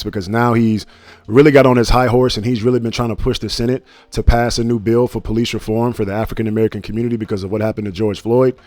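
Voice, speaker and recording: A young man co-hosting a casual commentary chat, telling stories with animated quoted voices. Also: dry recording. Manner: animated storytelling, acts out quotes in a higher voice. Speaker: podcast co-host.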